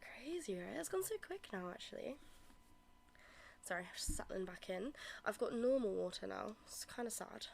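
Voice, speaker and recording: Chatty British woman streamer, lively voice. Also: medium pitch, normal speed, a little hiss or hum. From Britain. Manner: chatty and giggly, talks to chat. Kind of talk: casual live-stream chat while gaming. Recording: clear background music. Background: music.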